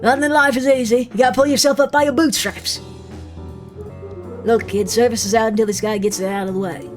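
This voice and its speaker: A woman's voice: a little high, fairly even intonation, brisk, faint music behind, close to an everyday voice. A woman voicing a sardonic, no-nonsense train conductor with a dry, wisecracking manner.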